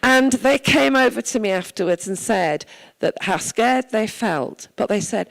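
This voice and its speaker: A woman's voice: mid-range voice, normal speed, vocal fry, poor audio. A woman from Wales, a town mayor, giving an earnest, conversational address at a church service and telling stories from her own life.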